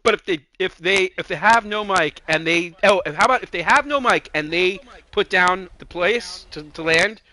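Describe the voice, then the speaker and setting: A man's voice: sits high, normal speed, few pauses, sharp tone. A man chatting and joking with friends during an online squad game. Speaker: gamer on a stream. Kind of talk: casual gaming chat.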